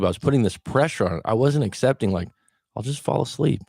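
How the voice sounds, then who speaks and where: A man's voice: mid-range voice, a little fast, gravelly, warm tone, no echo, studio quality. A middle-aged man giving casual, plainspoken advice as a relationship coach, acting out quoted thoughts along the way. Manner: plainspoken, acts out quoted thoughts, occasional swearing.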